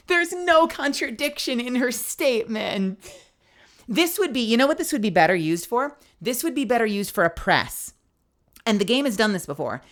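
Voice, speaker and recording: A woman streaming a courtroom game, frustrated and swearing as she talks through it. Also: fairly high pitch. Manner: frustrated, profane, animated. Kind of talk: live game stream commentary.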